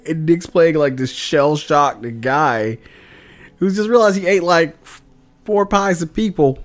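A man's voice: on the high side, a little slow, faint music behind. Rambling man recapping his tabletop game. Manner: rambling, lots of fillers. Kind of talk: casual chat.

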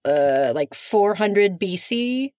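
A woman's voice: medium pitch, expressive, slow pace, warm tone, dry recording, studio quality. A woman co-hosting a comedic interview, giggly and playful as she asks questions. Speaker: co-host.

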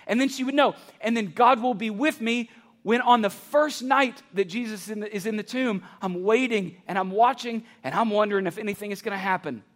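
A man preaching a sermon as pastor, building to passionate near-shouts and then dropping low and quiet. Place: church campus.

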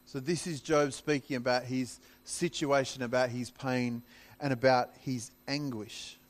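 A pastor preaching a sermon in a conversational way, acting out scripture in dramatic paraphrase. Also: male voice, medium pitch, steady tone, a little slow.

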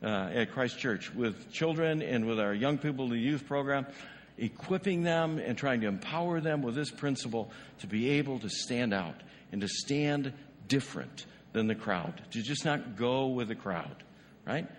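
A man's voice: medium pitch, lively intonation, normal speed, big-room sound, slight background noise. A male pastor preaching a sermon in a conversational way, often asking the congregation rhetorical questions. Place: church sanctuary.

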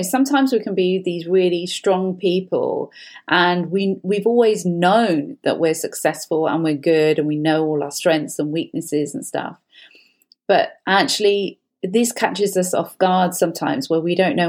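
A woman with a fairly low voice speaks as a therapist offering advice. She is earnest and conversational, and she stresses her points with long runs of repeated phrases. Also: a little slow, darkish tone. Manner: emphatic, builds long repeated lists. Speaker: therapist giving advice as a guest.

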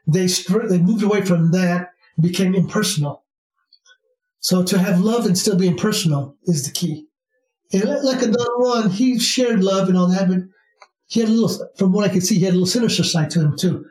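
A man's voice: high-pitched, normal speed, a little mellow, far from the mic. A man telling a spiritual story in a rambling casual way, with many restarts and fillers. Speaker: spiritual teacher. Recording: roomy sound, from off mic.

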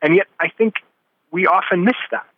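A man's voice: high-pitched, moderate pace. A man being interviewed, telling his story earnestly and sometimes searching for words. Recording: slightly dull dry recording.

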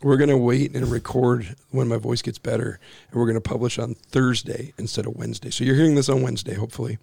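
A man in his forties with a hoarse, husky voice from overuse, co-hosting a casual church podcast in a small office with a joking, self-deprecating manner. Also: mid-range voice, steady tone, quick pace, a little mellow, dry recording. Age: 40s. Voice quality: gravelly, husky. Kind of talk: casual chat. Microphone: boom-arm studio mic.

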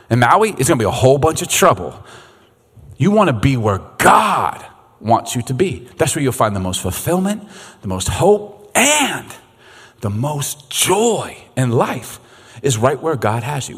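A middle-aged male pastor preaching in a chatty, animated way, his pitch leaping around as he acts out little voices. His tone is a touch husky. The sound carries a long reverb from a large hall. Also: unhurried. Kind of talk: sermon. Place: church sanctuary.

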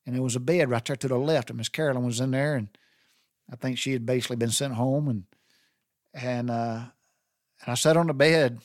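A man's voice: mid-range voice, a little fast, long pauses, no room sound, studio quality. A middle-aged man with a Southern US accent telling a personal story in a rambling, heartfelt way. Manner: rambling and heartfelt, with many restarts.

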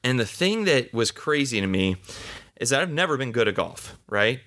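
Male podcast host, mid-30s, bright forward tone, earnest conversational self-help delivery. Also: mid-range voice, sing-song, moderate pace. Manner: earnest, conversational, repeats himself. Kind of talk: casual self-help monologue.

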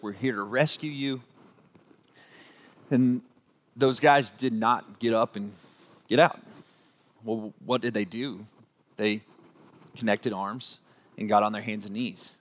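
Earnest man telling a sermon story. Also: mid-range voice. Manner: casual, earnest storytelling with fillers. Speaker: preacher.

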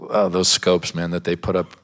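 A pastor with a somewhat low voice delivers a sermon in a church. He moves from earnest scripture talk into a humorous personal story, laughing often as he tells it. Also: a bit bright.

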